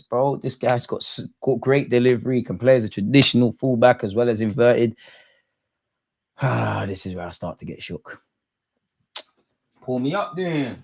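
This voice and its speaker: A young man hosting a football watch-along, reacting live, shouting at players and the referee in heavy slang. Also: mid-range voice. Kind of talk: live match reaction commentary.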